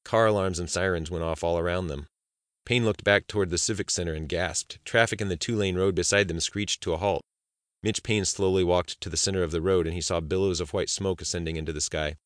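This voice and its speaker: A man reading a thriller audiobook aloud in a steady, measured way. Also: deep voice, no room sound, clean studio sound. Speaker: narrator. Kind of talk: scripted audiobook narration.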